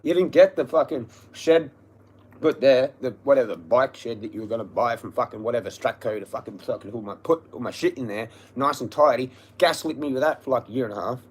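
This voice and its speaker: A man's voice: medium pitch, brisk, slightly rough. Ranting man on a livestream. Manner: ranting, profane, repetitive. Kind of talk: angry livestream rant.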